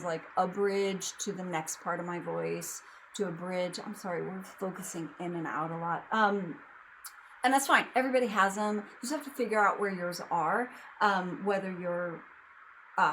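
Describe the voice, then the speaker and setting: A woman's voice: lowish voice, normal speed, fairly bright tone, slight background noise, rough recording. A young adult woman teaching singing in a casual lesson, explaining in a loose, chatty way with lots of fillers. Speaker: vocal coach.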